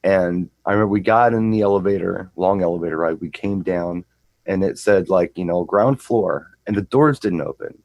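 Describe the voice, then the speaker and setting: A middle-aged man with a low voice, chatting on a show. He rambles through an anecdote and trips over repeated words. The sound is close and dry. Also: moderate pace, a little mellow, dry recording, low-quality recording. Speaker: co-host and DJ. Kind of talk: casual chat, storytelling.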